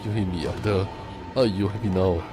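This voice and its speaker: A man reading the lines of a gruff, self-pitying male warrior in a video game, with exasperated outbursts over loud game music. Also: sits low, fairly even intonation, fairly quick, close to an everyday voice. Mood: bitter, sulky.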